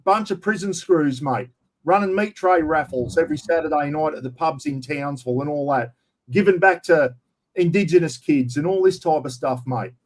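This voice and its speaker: A man's voice: a little high, moderate pace. An Australian man talking in a casual interview, blunt and matey, calling everyone mate. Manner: blunt, matey, slangy, keeps saying mate. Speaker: interview guest, camping YouTuber. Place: at home, outdoors property.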